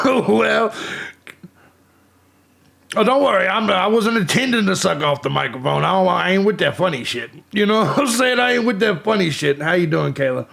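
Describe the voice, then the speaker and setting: A loud man hosting a casual live stream, with a voice pitched high for a man and a gravelly fry. He swears freely and greets viewers in the chat by name. His breathing is audible, and his desk mic sits a little back from his mouth. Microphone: desk mic pushed back from the mouth.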